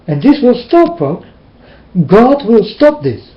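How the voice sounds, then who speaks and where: In a dull, roomy lo-fi recording, a man with a very high voice scolds his audience in a preachy monologue. His pitch swoops wildly, his pace is slow, and his wording is plain, emphatic and slightly non-standard.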